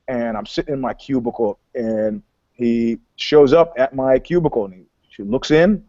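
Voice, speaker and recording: A man co-hosting a casual podcast, telling stories in an animated, boastful way, laughing often and swearing. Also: mid-range voice, no room sound. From New York. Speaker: podcast co-host. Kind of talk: casual chat, storytelling. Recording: dull lo-fi audio, dry.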